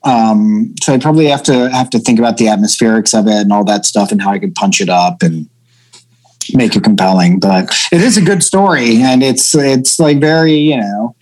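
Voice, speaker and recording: A man in his thirties from central Pennsylvania, a comedian telling an animated, profane story as a guest in a casual interview. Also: lowish voice, normal speed, rough recording.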